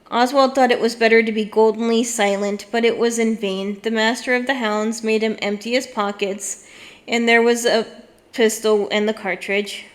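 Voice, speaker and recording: A woman reading an old children's novel aloud, measured and deliberate. Her pace is unhurried and her voice sits a little high. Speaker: audiobook reader. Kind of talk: scripted audiobook narration.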